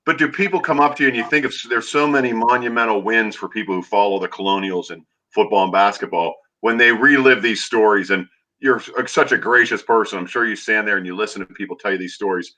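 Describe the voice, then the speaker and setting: A man hosts a casual talk show with a bright, forward tone. He jokes and teases in quick bursts. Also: fairly low pitch, low-quality recording. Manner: joking, teasing, quick bursts. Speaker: podcast host. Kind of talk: casual podcast chat.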